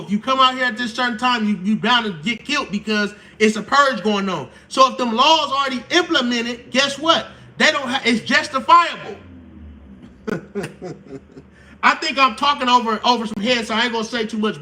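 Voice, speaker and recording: A man's voice: very high voice, sharp tone, distant mic. A man hosting a casual livestream, talking in slangy, profane speech and repeating his points to drive them home. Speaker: channel host.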